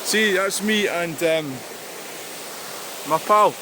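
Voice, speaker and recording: A Scottish man chatting casually as he walks outdoors by a river, rambling, swearing now and then, and talking to the camera. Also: a little high. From Scotland. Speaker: vlogger. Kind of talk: casual walking vlog talk. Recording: rushing stream noise outdoors.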